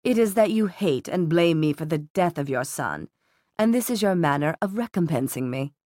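A woman voicing a ruthless middle-aged male villain who speaks in a calm, cutting, measured way. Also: low voice, dry recording, clean studio sound. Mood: cold disdain.

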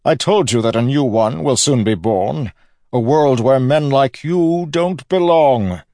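A man's voice: medium pitch, animated, unhurried, dark tone, no room sound, voice pushed up. A man voicing a cold, scheming older male villain who talks down to his foe in a commanding, smugly threatening way. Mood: lecturing.

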